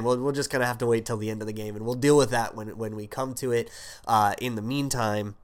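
A man with a sick voice hosting his own sports podcast, talking loosely with lots of fillers and restarts. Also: lowish voice. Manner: rambling, many fillers and restarts. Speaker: podcast host. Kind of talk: solo sports podcast talk.

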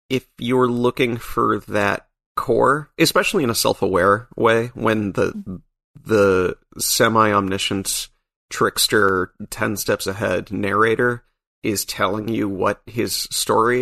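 A man's voice: fairly low pitch, gravelly, bright, forceful tone. A man being interviewed as a comic book writer, speaking thoughtfully with a dry, wry sense of humor. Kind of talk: casual podcast interview.

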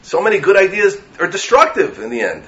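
Animated man teaching a Torah class. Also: high-pitched, a little fast. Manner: animated, asks rhetorical questions, mixes in Hebrew verses. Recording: dull lo-fi recording.

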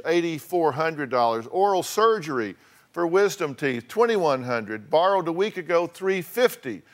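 A man hosting a talk show, bluntly lecturing his guests and repeating points for emphasis. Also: on the high side. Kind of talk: confrontational counseling.

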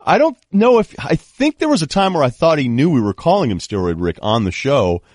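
A man's voice: a little high, fairly quick, dry recording, clean studio sound. A man hosting a casual sports podcast, telling stories and acting out the people he quotes. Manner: animated storyteller, acts out quoted people. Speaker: podcast host.

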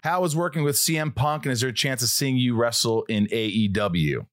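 A man from Southern Indiana hosting a podcast, talking in a relaxed, rambling way with casual swearing. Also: mid-range voice, a little fast, dry recording, clean studio sound. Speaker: podcast host.

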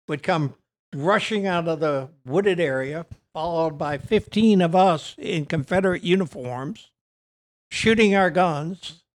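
An older man with a Virginian accent spins a long, rambling anecdote, stopping often on fillers and restarts. His voice sits a little on the high side, and the pace wanders. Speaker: guest trial lawyer. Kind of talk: storytelling on a podcast.

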